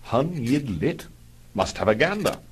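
A man voicing Ginger, a left-out young male airman who grumbles in a low public-school mutter in a comic audio story. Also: very animated, a little slow, husky, exaggerated voice. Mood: grumbling.

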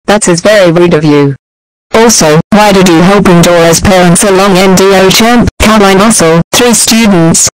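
Robotic tts lady yelling at someone like a mad mom, dry mic. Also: lowish voice, no room sound, low-quality recording. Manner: shouting scolding, broken grammar. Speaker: angry mother scolding a cook. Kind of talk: text-to-speech fan animation.

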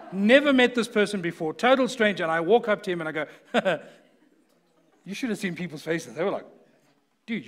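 Animated man preaching a sermon. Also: sits high. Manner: conversational, animated storytelling with laughs. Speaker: guest preacher. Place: church sanctuary.

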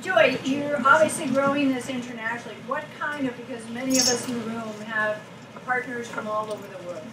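A woman's voice: on the high side, steady tone, brisk. A woman in the audience putting a question to the speaker in a direct way. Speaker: audience member asking a question. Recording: echoey room, distant mic, loud noise.

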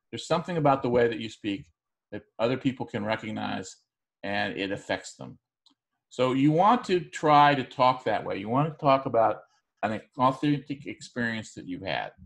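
A man with a mid-range, gravelly voice delivers a recorded class lecture. He talks in a relaxed, conversational way, often pausing on fillers and restarting his sentences as he explains. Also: medium pitch. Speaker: teacher.

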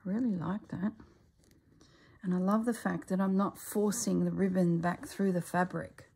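Aussie lady rambling away while she sews, husky voice, kinda low. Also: steady tone, moderate pace, mellow. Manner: rambling, talks herself through the stitches in a murmur. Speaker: crafting vlogger. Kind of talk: casual chat while stitching.

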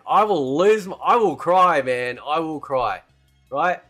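Animated man ranting about games. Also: a little high, normal speed, soft background music. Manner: animated, rambling, peppered with "right?" and "man". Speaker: gaming channel host. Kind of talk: casual opinion commentary.

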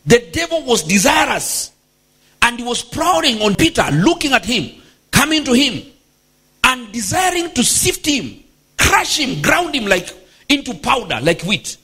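A male bishop preaches with an emphatic, exclamatory delivery, dropping in bursts of praise between points. His voice is high for a man and swings widely in pitch. There is a husky grain to it. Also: sing-song, measured pace, sharp tone. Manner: emphatic, exclamatory, frequent hallelujahs. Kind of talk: sermon.

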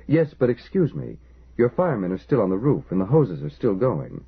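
A man's voice: medium pitch, very animated, moderate pace, gravelly, husky, voice pushed up, heavily acted. A man voicing an insistent, worried male engineer who presses his warnings urgently. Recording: lo-fi phone-like audio.

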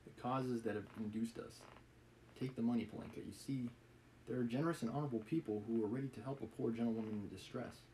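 A man's voice: medium pitch, steady tone, fast, warm tone, a little hiss or hum, close to an everyday voice, poor audio. A man reading as a frantic proud widow. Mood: frantic, lofty. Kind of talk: reading a novel aloud.

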